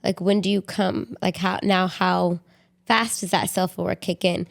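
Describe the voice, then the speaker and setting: A woman's voice: on the low side, level tone, measured pace, gravelly. Woman asking probing podcast questions. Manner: probing, asks follow-up questions. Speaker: podcast co-host. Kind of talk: candid conversational podcast.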